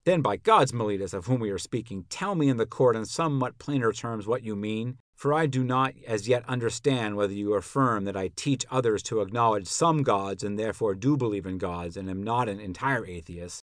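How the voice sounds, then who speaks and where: A man narrating a podcast reads a classical dialogue dramatically, lightly acting an elderly philosopher on trial who ironically and pointedly questions his accuser. His fairly low, slightly bright voice is brisk with hardly any pauses, probing and indignant in mood. The sound is clean studio audio with no room sound.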